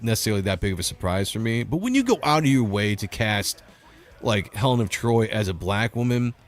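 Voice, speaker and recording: A man's voice: fairly low pitch, expressive, fairly quick. A man hosting a casual livestream, reading chat comments and giving blunt opinions. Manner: blunt, opinionated, laughs often. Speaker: host reading live chat.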